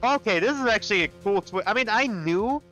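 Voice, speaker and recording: A man reacts to a game playthrough with excited, sweary asides. His voice is bright and swings widely in pitch, and faint music sits behind him. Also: fairly quick, muffled recording. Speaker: gameplay streamer. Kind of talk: casual playthrough commentary.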